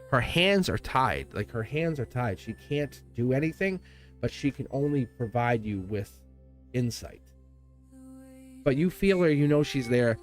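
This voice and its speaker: Earnest rambling male tarot reader. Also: medium pitch. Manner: earnest, reassuring, rambling with restarts. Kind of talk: live tarot reading.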